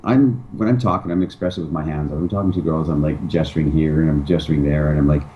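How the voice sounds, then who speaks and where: A man's voice: rumbling low, steady tone, fast, mellow, muffled recording, a little hiss or hum. A man talking casually as an interview guest, emphatic and acting out pickup lines. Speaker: dating advice guest.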